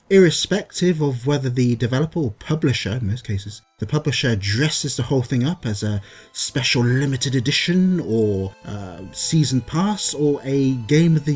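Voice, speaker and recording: An exasperated man from England rants about a game company in a casual, sarcastic way, trailing off into sighs and muttered asides. His voice sits at an ordinary pitch for a man, recorded on a desktop mic with faint music playing underneath. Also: a little mellow. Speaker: gaming video creator. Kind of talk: casual gaming rant.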